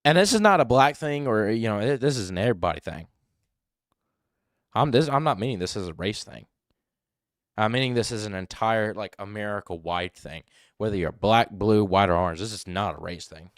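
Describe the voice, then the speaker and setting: A man hosting a live commentary stream, talking in an animated way and mimicking voices to make his points. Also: fairly low pitch, normal speed, no room sound, studio quality. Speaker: livestream host.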